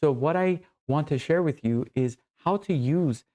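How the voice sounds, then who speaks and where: A man coaching other men in an earnest, intimate monologue, calling the viewer brother and slowing down on key phrases. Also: on the high side, dark tone. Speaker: men's coach. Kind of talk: direct-to-camera coaching monologue.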